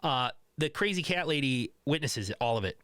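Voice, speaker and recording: A man's voice: mid-range voice, animated, normal speed, a bit bright, smooth, no echo. Laid-back man on a podcast, dry sound. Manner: laid-back, swears freely, laughs often. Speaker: podcast co-host. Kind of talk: casual film recap chat.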